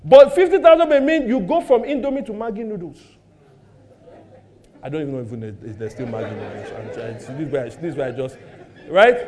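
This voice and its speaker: A middle-aged man with a Nigerian accent, a pastor preaching a sermon with animated rhetorical questions and jokes about his own household. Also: extremely high pitch.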